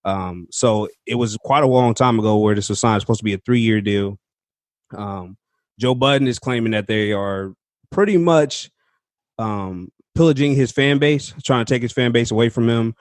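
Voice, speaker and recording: A man's voice: lowish voice, no echo. A young man co-hosting a casual podcast, talking loosely with slang and filler ums. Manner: laid-back slang-heavy talk with filler ums. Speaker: podcast co-host. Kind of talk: casual chat.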